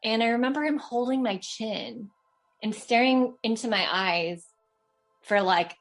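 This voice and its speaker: A fairly high-pitched, slightly slow-speaking caller, a woman in her thirties from Los Angeles, tells a personal story. She chats casually and rambles, restarting often, dropping in many fillers and laughing a lot.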